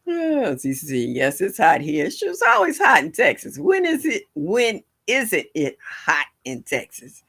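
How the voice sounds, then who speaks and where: A woman's voice: medium pitch, huge pitch swings, slow, creaky, fairly bright tone, breathy edge. An older woman hosting a gardening livestream from home, chatting and laughing with her viewers in a chatty, folksy way. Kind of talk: casual chat with live viewers. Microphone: livestream setup.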